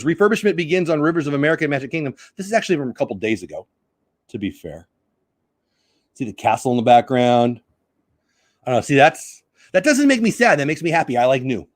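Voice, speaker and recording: A chatty man hosts a live news stream, reading headlines and greeting viewers in the chat by name. His pitch sits in the middle range for a man. The sound is dry and close, with little room around it. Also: dry recording.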